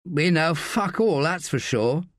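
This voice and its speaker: A man's voice: a little high, animated, a little slow, no echo, clean studio sound, pitched above the performer's own voice. A man voicing a snappy, protective young woman. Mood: defensive.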